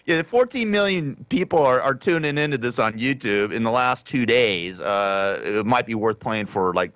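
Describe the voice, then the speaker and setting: A man's voice: mid-range voice, animated, moderate pace, hardly any pauses, fairly bright tone, dry recording, muffled recording. A man hosting a talk radio show, rambling through the day's stories in an offhand, sarcastic way with many restarts. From Southern California. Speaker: radio host. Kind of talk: casual talk radio monologue.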